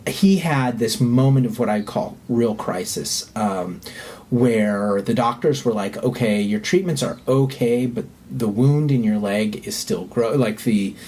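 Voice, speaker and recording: Earnest, halting man telling a story. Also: mid-range voice, mellow, husky. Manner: earnest, halting, swears when heated. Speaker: podcast guest. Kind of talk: candid personal storytelling.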